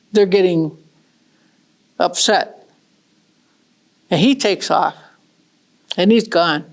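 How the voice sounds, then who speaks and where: Gentle woman telling a traditional tale. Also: fairly low pitch. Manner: gentle, unhurried, repetitive. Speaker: storyteller. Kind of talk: traditional oral storytelling.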